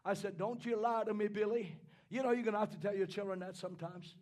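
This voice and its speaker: A man preaching a sermon, moving from quiet, halting storytelling into impassioned shouting. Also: high-pitched, fairly even intonation.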